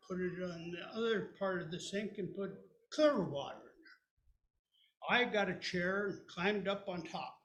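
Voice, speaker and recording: A man in his seventies telling a childhood story live to an audience, animated and folksy. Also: high-pitched. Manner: animated, folksy, plays many voices. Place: storytelling event hall. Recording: echoey room.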